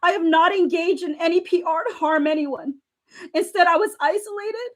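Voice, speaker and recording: A woman with a high voice hosts a casual live stream. She reads text messages aloud and reacts to them, laughing and getting teary as she goes. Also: moderate pace. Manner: emotional, laughing and near tears while reading. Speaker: livestream commentator. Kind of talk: casual live commentary reading texts aloud.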